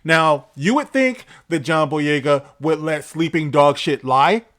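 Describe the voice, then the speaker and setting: A man with a fairly high-pitched voice hosts a commentary video. He reads from a news article and answers it bluntly, and he stays sarcastic and emphatic, swearing freely as he makes each point. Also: measured pace, fairly bright tone. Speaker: commentary channel host.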